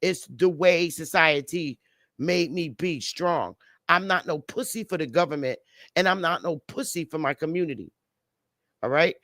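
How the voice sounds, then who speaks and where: On a live stream, a woman panelist rants over a video call in a heated, blunt, profane way. Her voice is deep and a bit bright, at normal speed, and the recording is dry.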